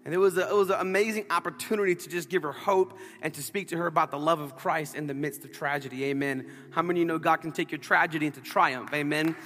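Bright high-voiced pastor in an echoing hall. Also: male voice, fast, hardly any pauses. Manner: animated storytelling with playful asides. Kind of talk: sermon. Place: church sanctuary.

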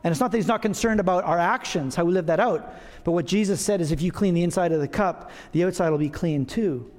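A man's voice: sits high, quick pace, darkish tone, in a large hall. A middle-aged man preaching a sermon to his congregation in a conversational, self-deprecating way, with asides of humor. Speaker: pastor. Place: church sanctuary.

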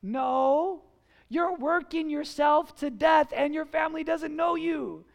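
A man's voice: very high-pitched, slow, creaky. A man preaching a sermon as pastor in a church, emphatic and full of rhetorical questions.

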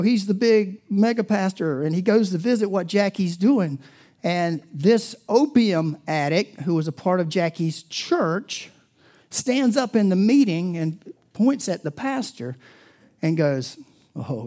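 Man, middle-aged, pastor, storytelling sermon, conversational, mellow, slightly high. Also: lively intonation, measured pace.

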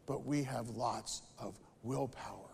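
A man voicing an earnest storybook frog as he reads aloud during a sermon, slow and insistent. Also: medium pitch, gravelly, darkish tone, in a large hall, slight background noise, voice pushed down. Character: fussy male frog, earnest about willpower.

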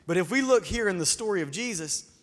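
High-voiced pastor preaching. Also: male voice, lively intonation, quick pace. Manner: conversational preaching, asks the congregation questions, repeats words when restarting. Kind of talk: sermon. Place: church hall with a congregation. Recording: long hall reverb.

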